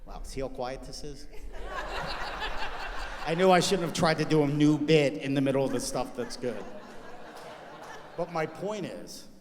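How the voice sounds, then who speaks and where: Animated male stand-up comedian, reverberant venue. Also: medium pitch. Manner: animated self-deprecating storytelling. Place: stage before a live audience. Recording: long reverb of a live venue.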